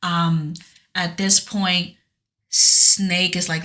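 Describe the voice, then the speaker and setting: A woman's voice: mid-range voice, moderate pace, bright, forceful tone. A woman co-hosting a podcast, recapping a video game story in casual chat with an earnest, rambling manner and many restarts. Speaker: podcast co-host.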